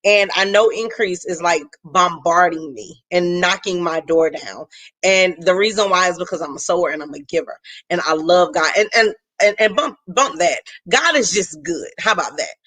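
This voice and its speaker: Woman chatting on her morning faith livestream, says y'all, bright voice. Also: lowish voice, moderate pace. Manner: chatty, greets viewers, Southern "y'all". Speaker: host of a faith-based live stream. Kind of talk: casual live-stream talk.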